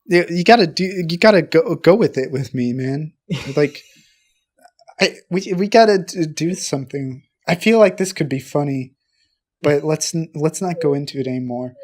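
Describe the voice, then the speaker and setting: A man co-hosting a comedy podcast, rambling and halting through improvised bits with profanity and constant restarts. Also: a little high, darkish tone. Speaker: podcast co-host.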